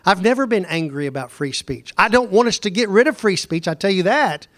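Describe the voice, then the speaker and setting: Middle-aged man, Bible lesson lecturer; high-pitched, conversational, quizzes the room, dry close recording. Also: expressive, brisk, a bit bright, dry recording. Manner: conversational, digressive, asks the class questions. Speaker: Bible teacher.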